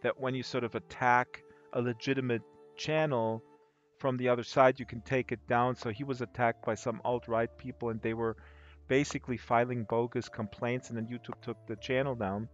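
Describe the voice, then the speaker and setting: A man's voice: medium pitch, level tone, moderate pace, faint music behind. A man hosting a live stream, chatting casually and telling rambling stories with many hesitations. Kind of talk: casual chat. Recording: dull lo-fi stream audio.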